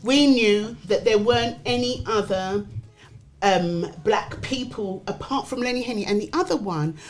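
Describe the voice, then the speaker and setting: A middle-aged woman from Britain, a comedian guest chatting casually and lively, acting out quoted voices as she tells stories. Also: medium pitch, normal speed, faint music behind. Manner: animated storyteller who acts out quoted voices. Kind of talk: casual chat.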